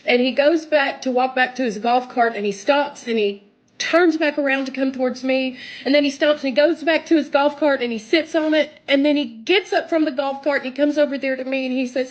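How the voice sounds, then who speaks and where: A young woman sharing a personal testimony, emotional, her voice climbing high when she recalls her prayers. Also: normal speed. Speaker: testimony speaker. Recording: dull lo-fi sound.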